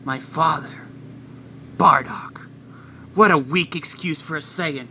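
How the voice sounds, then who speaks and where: A cold, taunting alien warrior who has turned evil and sneers at everyone. The voice sits a little high and rings bright and sharp, as a male narrator puts it on. He speaks with boastful menace. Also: normal speed, a little hiss or hum.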